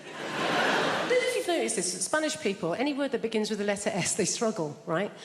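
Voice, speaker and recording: A woman's voice: medium pitch, very animated, a little fast, heavy background noise. A woman doing a stand-up routine with dry, self-mocking asides. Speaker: stand-up comedian. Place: large theatre stage. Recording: stage mic in a large hall.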